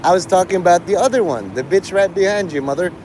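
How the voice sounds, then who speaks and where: A man's voice: sits high, fast talker, rough recording. A man hosting a live stream, talking in a rambling, profane monologue that jumps between topics. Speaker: livestream host. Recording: live stream with loud street noise.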